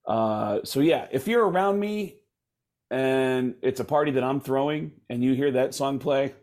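A man's voice: medium pitch, unhurried, darkish tone. A man hosting a casual chat, rambling with lots of fillers and laughs.

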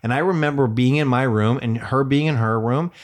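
A man's voice: medium pitch, fairly quick. A man co-hosting a podcast, telling a family story in casual chat, laughing often and swearing freely. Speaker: podcast co-host.

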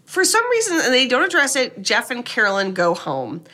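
A woman co-hosting a podcast, recapping a horror movie in animated, sarcastic casual chat with some swearing. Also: fairly high pitch, normal speed. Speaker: podcast co-host.

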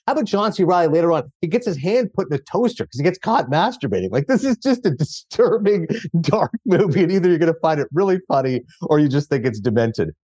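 A man talking films as a podcast guest in casual chat, animated and laughing through his sentences. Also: on the high side, husky, dry recording. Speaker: podcast guest, film critic.

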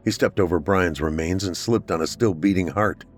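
A deep-voiced man narrates a scripted horror story at a steady, measured pace, with soft music in the background.

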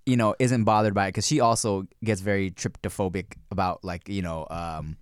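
A man's voice: sits low, fairly even intonation, fairly quick, clear, resonant tone, dry recording, studio quality. A man in his thirties co-hosting a casual podcast chat, rambling with lots of fillers and restarts. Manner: rambling, many fillers and restarts, laughs often. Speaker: podcast co-host.

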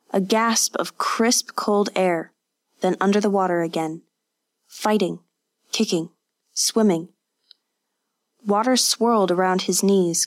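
A woman narrating a scripted story in a measured, vivid reading. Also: mid-range voice.

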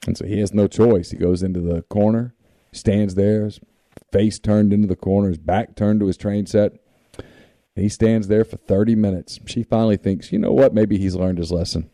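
A male radio host in casual call-in chat, telling jokes with animated, loud character voices. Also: on the low side, moderate pace, no room sound.

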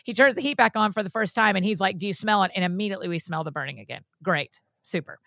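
A woman co-hosting a podcast, telling a story in an animated, heartfelt way and sharing her faith. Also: mid-range voice, quick pace, vocal fry, no echo, studio quality. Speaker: podcast co-host. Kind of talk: casual chat and storytelling.

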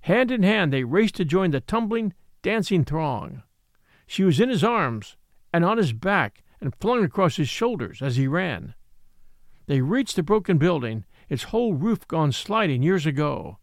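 A man narrating a classic ghost story aloud in a dramatic, expressive reading. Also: on the high side, vocal fry, dry recording, clean studio sound. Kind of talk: scripted audiobook narration.

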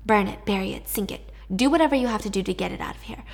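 A woman voicing a calm young woman killer who gives steady, quiet instructions. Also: mid-range voice, fast talker, vocal fry, lightly acted. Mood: coolly instructing.

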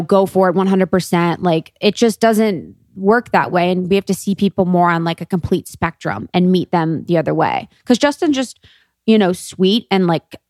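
A woman's voice: medium pitch, no room sound, clean studio sound. A woman co-hosting a casual chat podcast, talking freely with plenty of "like" and "you know.". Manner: chatty, fillers of "like" and "you know".

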